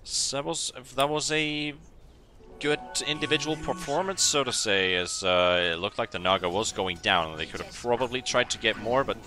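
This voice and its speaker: A man casting live esports play-by-play, getting louder and quicker as fights break out. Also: mid-range voice. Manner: excitable, rising during fights. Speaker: esports commentator. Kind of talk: play-by-play commentary.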